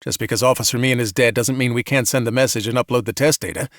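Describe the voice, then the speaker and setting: A steady male soldier, earnest and reassuring, who talks his comrade through the crisis, as a man reads him. His mid-range voice comes through dry and close. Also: mid-range voice, fast, no room sound, natural voice.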